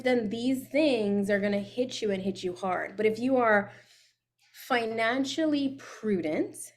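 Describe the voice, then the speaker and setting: A woman's voice: a little high, animated, unhurried. A woman guest on a podcast, a personal finance coach giving frank, practical advice in casual interview talk.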